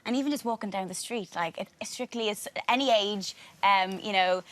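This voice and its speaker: Fast-talking giggly Irish woman. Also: mid-range voice. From Ireland. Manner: talkative, giggly, animated. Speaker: celebrity contestant. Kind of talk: chatty TV interview.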